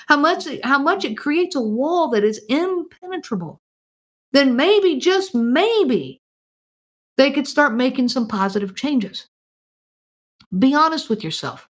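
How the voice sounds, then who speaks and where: This woman runs a podcast and talks straight to her audience, earnest and emphatic, questioning them again and again and frequently repeating herself. She has a high-pitched voice with a fairly bright tone.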